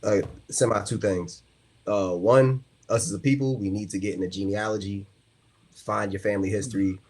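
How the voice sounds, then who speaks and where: An American man appearing as a podcast guest, talking earnestly and a little haltingly. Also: on the low side, steady tone, darkish tone, husky. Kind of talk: casual podcast chat.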